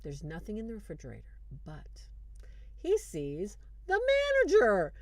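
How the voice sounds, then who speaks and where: A woman hosting a show, retelling a film in casual, animated commentary with fillers and restarts, turning earnest when she draws lessons. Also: fairly low pitch, moderate pace. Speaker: host reviewing a film.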